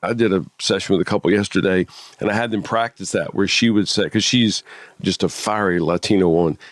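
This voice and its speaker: Low-voiced male therapist, dry sound. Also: fairly quick, no echo. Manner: animated, acts out dialogue while explaining. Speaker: therapist and co-host. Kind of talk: casual podcast conversation.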